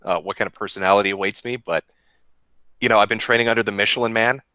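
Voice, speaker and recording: A man's voice: fairly low pitch, fairly even intonation, fast talker, pushed and bright, no echo. A laid-back man in casual chat who swears offhandedly.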